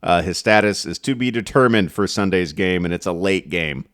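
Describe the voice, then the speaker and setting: A man's voice: low voice, normal speed, fairly bright tone, dry recording, clean studio sound. A man co-hosting a casual fantasy football podcast, laid-back and chatty. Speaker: podcast co-host.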